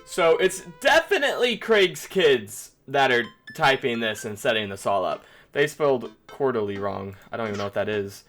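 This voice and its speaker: Bright, animated man playing a game. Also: medium pitch, normal speed, faint music behind. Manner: playful, animated. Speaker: gaming YouTuber. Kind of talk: casual game commentary.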